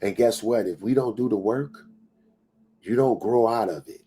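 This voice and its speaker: Husky-voiced man giving a motivational talk. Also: moderate pace, mellow. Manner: emphatic preaching with repetitions; drops to a low whisper acting out inner doubts. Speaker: motivational speaker.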